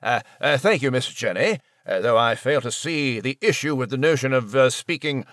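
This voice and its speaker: A man's voice: mid-range voice, lively intonation, moderate pace, a bit bright, no room sound, studio quality. A man voicing a prim, fussy male mouse in comedic podcast banter, with a genteel, hesitant manner.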